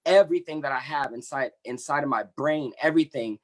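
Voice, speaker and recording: A man in his thirties, working as membership coordinator for an activist group, earnestly and passionately relates his own story on an online panel, with halting restarts. His voice is on the high side.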